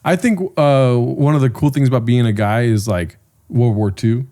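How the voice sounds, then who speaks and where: A young man co-hosts a casual podcast and tells rambling stories laced with crude jokes. His voice sits in the middle of the range and has a dark, mellow color. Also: medium pitch, normal speed. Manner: loose storytelling with crude jokes. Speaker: podcast co-host.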